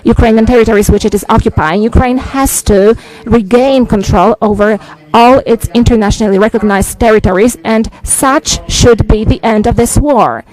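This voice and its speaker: A middle-aged man from Poland, a native Polish speaker, delivers a formal press statement in English with a Polish accent, speaking deliberately and emphatically with frequent "uh" hesitations. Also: high voice, a little mellow, poor audio. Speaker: visiting head of state.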